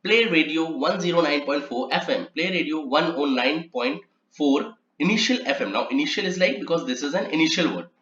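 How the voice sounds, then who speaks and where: A man's voice: a little high, expressive, brisk, a bit bright. A man gives an instructional lecture on transcription rules, explaining patiently and spelling out each example. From India. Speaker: transcription trainer. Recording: echoey, slightly muffled room recording.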